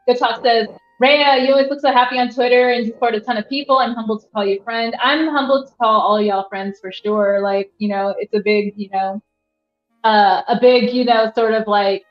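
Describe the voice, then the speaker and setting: A young woman with a high-leaning voice hosts a casual livestream from a rented apartment, keeping a steady tone and moderate pace. She rambles with lots of fillers and reads chat aloud over soft background music, and the sound is roomy and slightly dull.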